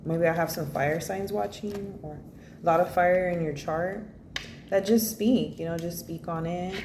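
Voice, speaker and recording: Speaking a little slowly in a fairly low pitch, a woman delivers an offhand tarot reading. She's blunt, rambles, curses freely, and leans on "you know" and "like." The room sounds echoey, with a faint hum of noise.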